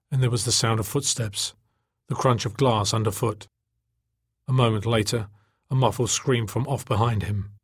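A man reading a novel aloud in steady, measured narration. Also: mid-range voice, slightly rough, dry recording, clean studio sound. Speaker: audiobook narrator. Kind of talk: scripted narration.

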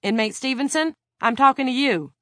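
Stern female prison guard shouting commands, loud and raised, read by a low-voiced woman narrator. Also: expressive, a little fast, no room sound, clean studio sound. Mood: commanding. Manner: barking orders.

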